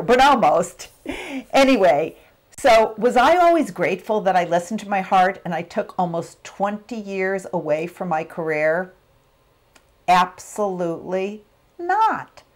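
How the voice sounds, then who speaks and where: A middle-aged woman giving a motivational talk, telling a personal story and acting out the quotes. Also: on the low side. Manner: animated storyteller, acts out quotes. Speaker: motivational speaker.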